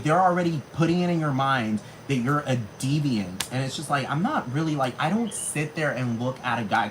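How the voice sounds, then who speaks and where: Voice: mid-range voice, background noise. A person in their thirties ranting in a monologue, swearing heavily and packing in fillers. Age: 30s. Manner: rapid, heavy swearing, many fillers. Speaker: vlogger.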